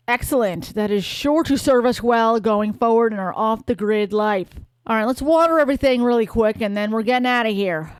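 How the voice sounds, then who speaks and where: A woman's voice: fairly high pitch, clear, resonant tone, no echo. A woman hosting a life-sim let's play, chatting casually with a wry, playful manner. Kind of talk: casual gameplay commentary.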